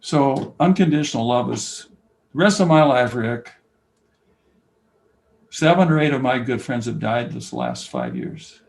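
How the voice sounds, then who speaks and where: An older man speaks with a gravelly, rough-edged voice. He tells stories in a conversational interview, acting out what people said and swinging from near-shouting to a whisper. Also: mid-range voice, a little slow, long pauses, poor audio. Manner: animated storyteller, acts out quoted dialogue, swings from loud to whispering. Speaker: basketball coach and camp founder, guest.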